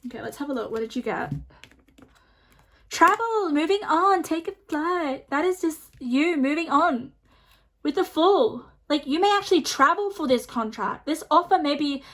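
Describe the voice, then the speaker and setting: A woman's voice: high voice, expressive, moderate pace, a bit bright. Chatty, reassuring woman tarot reader. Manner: chatty, reassuring, many fillers like "like" and "um". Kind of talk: pick-a-card tarot reading to camera.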